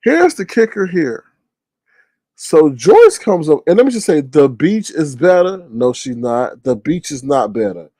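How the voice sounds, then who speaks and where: A man giving casual commentary in an animated, slangy way, repeating phrases for emphasis. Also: on the high side, unhurried, no room sound.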